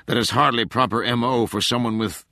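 A man reading an audiobook, voicing a raspy, cold, stern female presidential advisor who talks in a clipped, scolding way. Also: medium pitch, fairly even intonation, fairly quick, pushed and bright, no room sound, studio quality, voice pushed up. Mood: icy.

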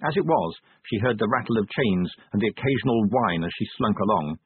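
A man giving a dramatic audiobook narration in a wry, measured storytelling manner. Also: lowish voice, lively intonation, a little hiss or hum. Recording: narrow phone-like dry sound.

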